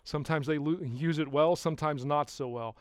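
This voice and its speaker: A man preaching a sermon as pastor, putting rhetorical questions to the congregation and swinging from hushed to loud. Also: fairly high pitch, a little fast, dry recording, clean studio sound.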